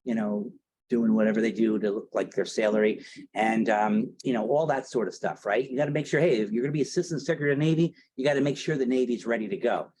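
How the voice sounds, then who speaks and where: A man's voice: medium pitch, quick pace, darkish tone, slight background noise, rough recording. A man giving a casual, storytelling history lecture, chatty and theatrical, often checking in with the audience. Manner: chatty, theatrical, tag questions.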